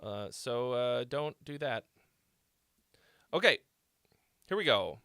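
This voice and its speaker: A man's voice: medium pitch, expressive, slow pace, creaky, sharp tone, clean tone, dry recording, studio quality. A young man hosting a casual livestream, telling rambling stories full of swearing. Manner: laid-back storytelling, heavy swearing. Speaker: host.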